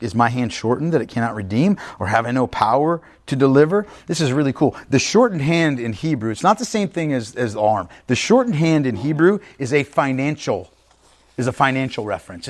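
A male pastor preaching an emphatic, conversational sermon, often checking in with his listeners. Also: mid-range voice. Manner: emphatic, conversational preaching with frequent "right?" asides.

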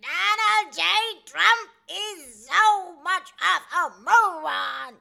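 Brief: a woman putting on a shrill screeching male comic, extremely high, dragged-out, gravelly. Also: heavily acted. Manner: screechy, drawn-out yelling.

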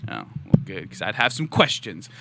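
A man's voice: fairly low pitch, huge pitch swings, normal speed, gravelly, background noise. A young man hosting a casual, joking podcast in a college radio studio, rambling through playful stories into a studio mic. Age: young adult. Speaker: podcast host. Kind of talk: casual comedic chat. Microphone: studio microphone.

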